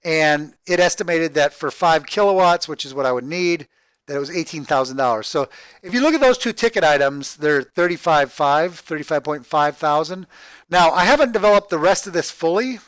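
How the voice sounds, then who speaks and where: A man with a somewhat high voice rambles through his budget figures, stopping and restarting and asking "right?" every few lines. He sounds like he's at home, close to a desk mic in a dry little room. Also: expressive, fairly bright tone, clear, resonant tone, dry recording. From Texas, USA. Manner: halting, repeats words, thinks aloud, tags "right?". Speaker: crowdfunding project vlogger. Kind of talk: rambling screen-share walkthrough.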